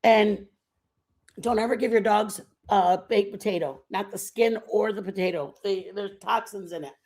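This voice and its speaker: A woman's voice: mid-range voice, fairly even intonation, moderate pace, darkish tone. A woman in her fifties from the United States, chatting casually and rambling to her viewers on a live stream. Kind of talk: casual chat.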